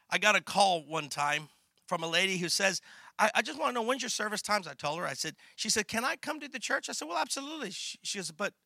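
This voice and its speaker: A middle-aged pastor preaching, his voice high and very bright. He tells a story with lots of animation, acts out the conversations and swings from quiet to loud. The sound is dry and close. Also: dry recording. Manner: animated storytelling, acts out dialogue, laughs, gets loud and emotional. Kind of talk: sermon.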